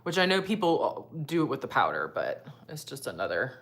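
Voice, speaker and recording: A young woman with a low voice, chatting casually to her viewers while doing her makeup. She reads out their comments and talks back to them, easy and unscripted. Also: very animated, fairly quick. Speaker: beauty vlogger.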